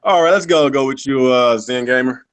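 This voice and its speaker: A man's voice: mid-range voice, moderate pace, smooth. A man hosting a gaming podcast in casual chat, laid-back and slangy, swearing casually. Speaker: podcast host.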